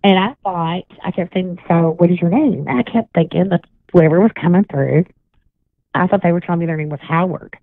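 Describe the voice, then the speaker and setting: A woman's voice: on the low side, brisk, no room sound. A woman guest on a radio call-in show, telling a long rambling story full of restarts. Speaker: guest psychic and paranormal investigator. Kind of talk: casual radio chat. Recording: tinny phone line, dry.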